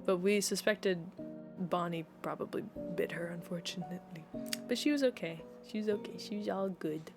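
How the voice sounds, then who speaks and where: A woman's voice: lowish voice, moderate pace, vocal fry, music in the background. A woman streamer chatting casually, rambling and giggling with plenty of fillers.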